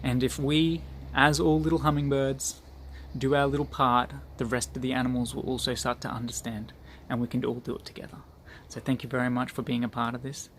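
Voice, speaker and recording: A man's voice: mid-range voice, flat delivery, brisk, hardly any pauses, slight background noise. A man giving an earnest motivational talk to his group, repeating phrases for emphasis. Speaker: group leader.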